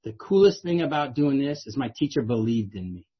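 A middle-aged man telling a personal recovery story in a lively way, often adding "right?" to check in with the room. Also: medium pitch, fairly quick, husky, highs cut off. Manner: animated, repeats "right?" often. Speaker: speaker sharing a recovery story. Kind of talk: storytelling talk.

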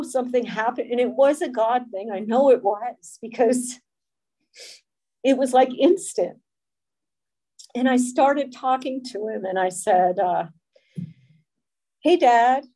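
A middle-aged woman giving a personal recovery testimony, speaking in an earnest, emotional, halting way. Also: a little high, mellow.

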